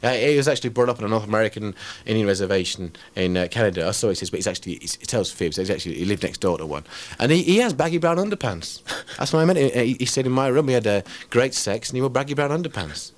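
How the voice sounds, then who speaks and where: A man's voice: lowish voice, lively intonation, fast talker, few pauses. A man with an English accent, a performance poet chatting in an interview in a rambling, self-mocking way with many restarts. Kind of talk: casual interview chat.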